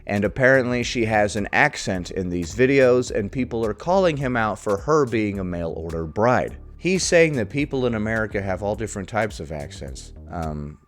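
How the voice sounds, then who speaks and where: A man's voice: on the low side, sing-song, moderate pace, few pauses, soft background music. A man hosting a reaction video, giving casual, sarcastic, mocking commentary on a clip.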